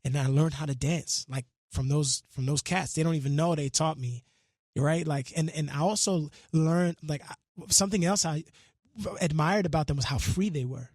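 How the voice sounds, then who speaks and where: A man's voice: a little high, normal speed, a little mellow, dry recording. A man, a guest musician in a radio studio, talking in an earnest, reflective and slangy way and half-reciting lyrics. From Brooklyn, New York. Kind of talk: casual interview chat.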